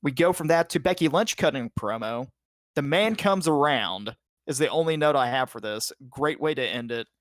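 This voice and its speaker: A man's voice: fairly high pitch, dry recording, clean studio sound. A man co-hosting a podcast, giving a casual play-by-play recap full of "like" and "uh" and the odd swear word. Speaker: podcast co-host.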